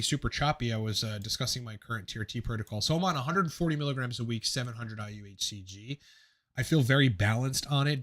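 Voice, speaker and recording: A man's voice: fairly low pitch, fairly bright tone. South Jersey man on a livestream. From South Jersey, USA. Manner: technical, rambling with restarts and fillers. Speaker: livestream host answering viewer questions. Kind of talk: casual live Q&A stream. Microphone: close desk mic on a livestream.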